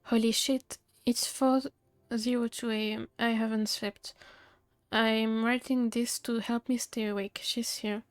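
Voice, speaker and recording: A woman's voice: a little high, flat delivery, measured pace, no room sound, studio quality. A woman streamer reading game dialogue aloud in a matter-of-fact way, with small asides of her own.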